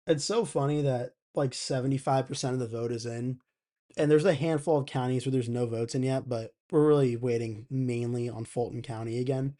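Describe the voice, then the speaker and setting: Mellow-voiced man hosting a live stream. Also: medium pitch, fairly even intonation, brisk. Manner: chatty, thinks aloud, reads chat comments. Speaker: election night live stream host. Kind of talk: casual live stream commentary.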